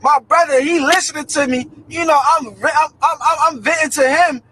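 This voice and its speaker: High voiced guy telling a storytime, slangy, acting out the quotes. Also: normal speed, bright, forceful tone, slight background noise, rough recording. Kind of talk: casual storytime.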